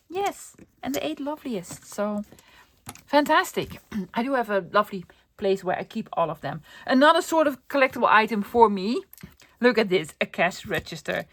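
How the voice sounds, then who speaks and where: A middle-aged woman, chatting excitedly to camera about her thrift finds and often dropping to a whisper. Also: fairly high pitch, moderate pace, no echo. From Netherlands. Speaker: vlogger showing a thrift haul. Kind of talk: casual chat to camera.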